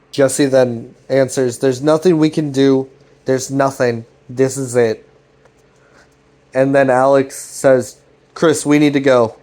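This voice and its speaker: A man's voice: mid-range voice, darkish tone. A man casually retelling a web series scene by scene, swearing freely and paraphrasing the characters' lines in a loose, rambling way. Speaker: commentary channel host.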